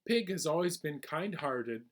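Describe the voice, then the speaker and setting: A man's voice: fairly high pitch, animated. A man voicing a lazy, sly male spider trickster in a children's storytime, talking his way out of debts. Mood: wheedling. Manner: wheedling, fast excuses.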